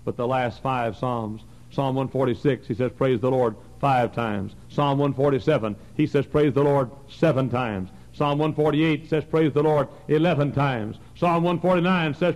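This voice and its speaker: A man in his forties preaching a fervent sermon in a church, his voice swinging from soft passages to loud, high bursts. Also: normal speed, few pauses, low-quality recording. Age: 40s. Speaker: pastor. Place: church sanctuary.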